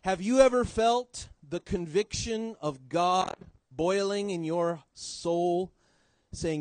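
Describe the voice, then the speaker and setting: A man preaching a sermon in church, swinging between loud emphasis and quiet low drops. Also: unhurried, no room sound, poor audio.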